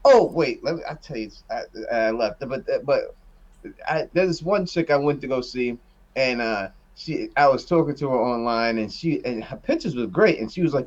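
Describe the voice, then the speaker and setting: A man's voice: mid-range voice, expressive, normal speed, lo-fi sound. Man, host type, boisterous raunchy storyteller, mid voice. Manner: boisterous, swears freely, laughs through stories. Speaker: podcast host. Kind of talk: crude casual storytelling.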